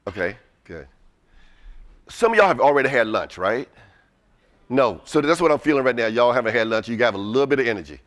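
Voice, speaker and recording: A man giving an energetic, casual motivational talk to a live audience in a presentation room, coaxing them to chant along. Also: mid-range voice, a little fast. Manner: casual, uses y'all. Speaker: presenter at a webinar. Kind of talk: motivational call-and-response talk.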